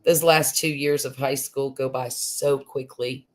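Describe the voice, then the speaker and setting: With a rumbling low voice that's steady and a little slow, a Gulf Coast woman chats casually on a live stream from her home room. She's homey, laughs readily, and drifts off into fillers.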